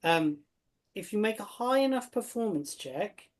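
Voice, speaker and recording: A woman's voice: mid-range voice, lively intonation, measured pace. A woman narrating as game master, playful and often laughing.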